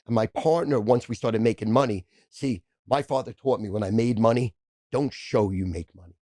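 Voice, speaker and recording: A man in his sixties, a podcast guest, telling profane stories in a rapid-fire, casual way. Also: mid-range voice, darkish tone, no room sound. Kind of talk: casual storytelling.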